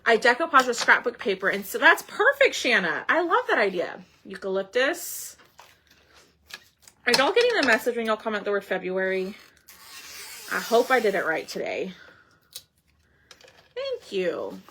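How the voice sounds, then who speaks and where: A woman's voice: fairly high pitch, sing-song, normal speed, long pauses, noisy background. A woman hosting a crafting live stream, chatting casually and greeting viewers by name.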